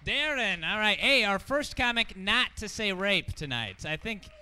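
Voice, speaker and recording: A male open mic host with a high, very bright voice that is smooth and clear. He calls up the next acts loudly and cheerfully. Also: expressive, a little slow.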